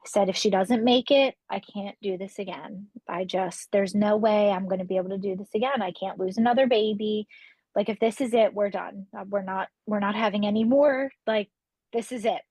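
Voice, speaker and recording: Speaking briskly in a mid-range, slightly mellow and slightly rough voice, this podcast guest in her thirties shares an emotional personal story in a relaxed interview, imitating those she quotes. There's no room sound, though the audio is poor.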